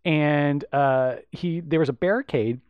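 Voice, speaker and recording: A man's voice: a little high, a little slow, clean tone, no room sound, lo-fi sound. Man, podcast co-host, casual film chat, lots of ums and restarts, dry close sound. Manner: rambling with many fillers and restarts.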